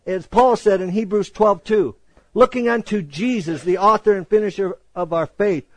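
High-voiced man preaching a sermon. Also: a little mellow, no echo, low-quality recording. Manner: emphatic, asks and answers rhetorical questions.

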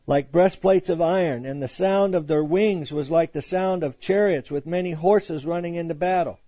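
High-voiced man teaching the Bible. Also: warm tone, no room sound. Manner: reads scripture aloud then explains it conversationally, with joking asides.

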